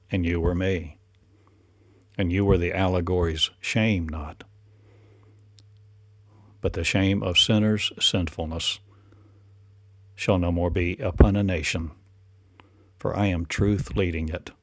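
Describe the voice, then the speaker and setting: A man's voice: sits low, no room sound, studio quality. A man delivering a rambling spiritual monologue in incantatory, repetitive declarations and rhetorical questions.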